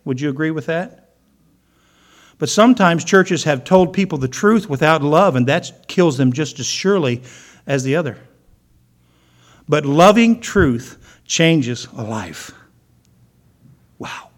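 A man's voice: a little high, expressive, unhurried, pauses often. A man preaching a sermon, telling stories and acting out the people in them. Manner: storytelling, acting out quoted voices. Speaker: pastor.

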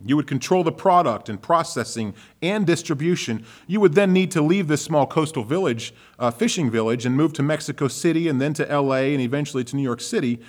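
A brash American businessman pitching big plans in a high, loud, insistent voice, as a preacher acts him out. He presses his point hard and pushes the pace of the story. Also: lively intonation, brisk, hardly any pauses, lightly acted. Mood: pushy. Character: ambitious American businessman, pushy.

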